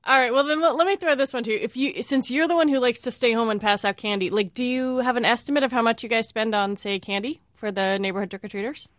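A woman's voice: fairly high pitch, steady tone, fast talker, hardly any pauses, fairly bright tone, no echo. A woman hosting a radio interview show in a studio, friendly and lightly teasing with her callers.

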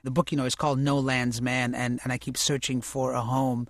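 Man, interview guest, reflective, animated storyteller, mid-pitched, close dry sound. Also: a little fast, no echo. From United States, immigrant family. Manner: thoughtful, self-correcting, animated when recounting stories. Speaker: interview guest, actor and author.

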